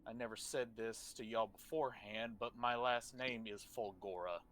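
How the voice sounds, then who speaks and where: Tabletop player, male, bright and forceful, dramatic in-character delivery, faint background noise. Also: medium pitch, steady tone, normal speed. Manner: dramatic, declaring his character's actions. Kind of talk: tabletop game play, in-character narration.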